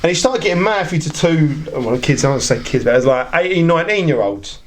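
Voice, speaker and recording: A man's voice: on the high side, animated, fast. A man telling rambling stories in a casual podcast chat, acting out other people's lines as he goes. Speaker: podcast guest.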